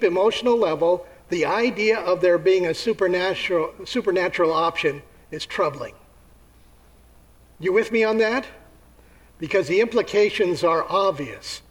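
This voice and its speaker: A man preaching a sermon, telling the story with lively acted-out voices and asking his listeners questions. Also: sits high, moderate pace, poor audio. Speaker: pastor.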